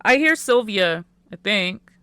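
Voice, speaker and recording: A woman narrating a first-person teen romance audiobook in a quiet, unhurried way. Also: medium pitch, lively intonation, clean tone, no room sound.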